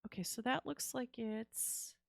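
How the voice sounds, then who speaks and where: A woman's voice: on the high side, unhurried, creaky, background noise. A woman streaming a game live, chatting casually and expressively with her viewers and reacting with laughs and sighs. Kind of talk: casual live-stream chat while gaming.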